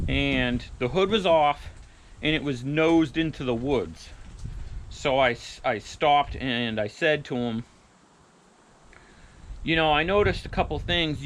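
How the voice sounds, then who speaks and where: Brief: casual male vlogger, mid-pitched, plain-spoken rant, swears freely. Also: a bit bright. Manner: blunt, profane, retells arguments with quoted dialogue. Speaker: truck build vlogger. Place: garage or shop.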